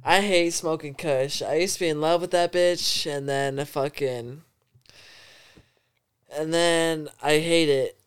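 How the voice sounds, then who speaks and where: Swearing young man with a smooth voice. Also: fairly high pitch, fairly even intonation, measured pace. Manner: rambling, heavy swearing, laughs often. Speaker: podcast guest. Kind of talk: casual storytelling.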